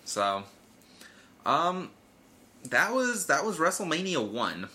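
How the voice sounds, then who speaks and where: A man's voice: fairly high pitch, very animated, slow, sharp tone. A man co-hosting a casual talk show, chatty and full of fillers, laughing easily. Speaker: podcast co-host. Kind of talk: casual chat.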